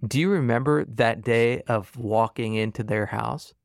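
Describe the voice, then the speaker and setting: A man hosting an interview, asking gentle questions and answering the guest's stories with short affirmations. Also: medium pitch, measured pace, creaky, dry recording, clean studio sound. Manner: attentive, asks questions and reacts with short affirmations. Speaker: podcast host. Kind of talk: casual interview.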